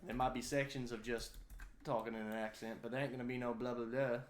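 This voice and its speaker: A man's voice: mid-range voice, flat delivery, fast. Guy cracking sassy jokes, mock drawl, bit of faint hiss behind. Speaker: co-streamer. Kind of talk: casual chat while gaming.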